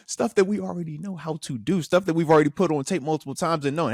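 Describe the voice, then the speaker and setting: Animated emphatic man, dry close sound. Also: fairly high pitch, fast talker, few pauses, husky, no echo. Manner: animated, frustrated, emphatic repetition. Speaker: podcast host, former linebacker. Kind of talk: casual sports talk.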